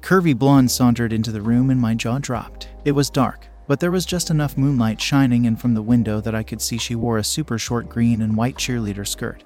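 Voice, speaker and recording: Young guy reading a story out loud, steady, soft music under it. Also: mid-range voice, a little fast, few pauses. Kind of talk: first-person story narration. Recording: faint background music.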